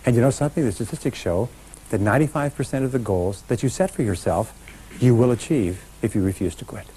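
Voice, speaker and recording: A man's voice: mid-range voice, quick pace, mellow, slight background noise, poor audio. A middle-aged man giving a motivational seminar talk, speaking emphatically and directly to a live audience. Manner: emphatic, talks straight to a live audience, leads call-and-response chants.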